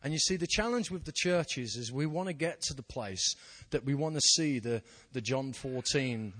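A man gives a sermon, telling personal stories in a self-deprecating way. His voice is bright and clear, with a forward ring. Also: mid-range voice, animated, moderate pace. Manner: anecdotal, self-deprecating storytelling. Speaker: pastor.

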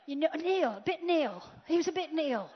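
A woman preaching a sermon, swinging from loud declarations to hushed whispers. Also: sits high, lively intonation, normal speed. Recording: dull lo-fi sound.

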